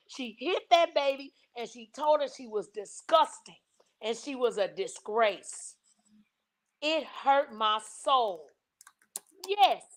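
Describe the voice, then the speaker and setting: A woman with a high voice angrily calls someone out on a livestream. She accuses and swears with mounting indignation. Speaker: livestream panelist. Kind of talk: heated livestream call-out.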